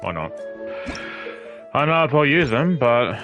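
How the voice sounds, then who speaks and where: A man's voice: mid-range voice, sing-song, unhurried. A male streamer giving casual gameplay commentary, swearing and muttering to himself as he plays. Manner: swears and mutters while playing. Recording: lo-fi stream audio over game music.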